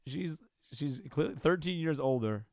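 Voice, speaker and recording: A man's voice: a little high, expressive, normal speed, dry recording, studio quality. A man co-hosting a casual reaction show, laid-back and joking, calling people bro and dude. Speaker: co-host.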